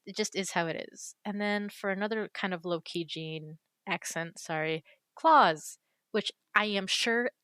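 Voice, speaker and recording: A woman's voice: medium pitch, fairly bright tone, clear, resonant tone, no room sound. A woman chatting casually and enthusiastically while walking through a game's character creator, with fillers and self-corrections. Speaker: YouTuber reviewing a game character creator. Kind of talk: casual screen-recorded commentary.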